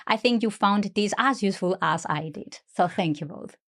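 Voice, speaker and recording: A woman's voice: medium pitch, moderate pace. A woman co-presenting a pronunciation lesson, friendly and agreeable as she works through examples.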